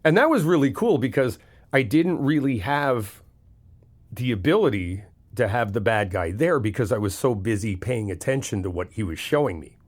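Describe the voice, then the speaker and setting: A man's voice: mid-range voice, expressive, moderate pace. A frank, swearing man giving reassurance. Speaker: comforting best friend giving advice. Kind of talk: comfort audio role-play.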